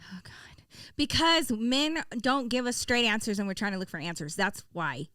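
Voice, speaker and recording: A woman co-hosting a casual podcast, teasing and expressive, with Spanish words mixed into her talk. Her voice is smooth and a bit high, with a lot of movement in pitch. The mic is close and dry. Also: moderate pace, no echo. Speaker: podcast co-host. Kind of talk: casual couple's podcast chat.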